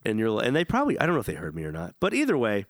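Fast, animated young man, profane storyteller. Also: on the low side, no room sound. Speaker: podcast co-host. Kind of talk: casual chat.

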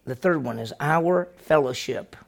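A man's voice: fairly high pitch, unhurried, creaky. A male senior pastor teaching a conversational church lesson, telling folksy stories and asking the congregation questions he then answers himself. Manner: folksy, tells personal stories.

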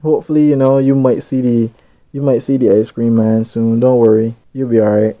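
A young man from Barbados hosting, reading out listener shout-outs in a laid-back, chatty way with little asides. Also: mid-range voice, little pitch movement, fairly quick. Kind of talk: casual chat.

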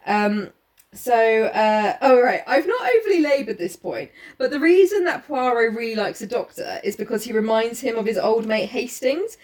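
Lively laughing woman retelling a story. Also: on the high side, normal speed. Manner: laughs often, puts on voices while retelling. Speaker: podcast host retelling a novel. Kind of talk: casual chat.

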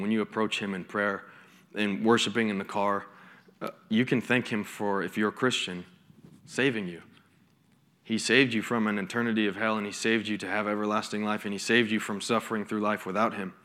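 A man's voice: fairly low pitch, fairly even intonation, a little fast, fairly bright tone. A young man, a college pastor giving a conversational sermon with stories and asides. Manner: conversational preaching with storytelling and asides.

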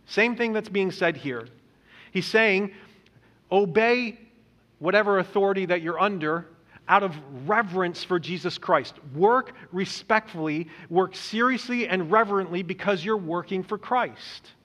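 A man preaching a sermon as pastor, earnest, stumbling over repeated words and slowing down to stress quoted lines. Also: high-pitched, a bit bright. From Indonesia. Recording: dull lo-fi recording in a reverberant hall.

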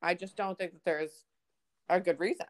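A woman's voice: on the low side, normal speed. A young woman co-hosting a podcast, chatting casually and telling a story with lots of swearing. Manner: swears a lot, animated storytelling. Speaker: podcast co-host. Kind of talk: casual chat.

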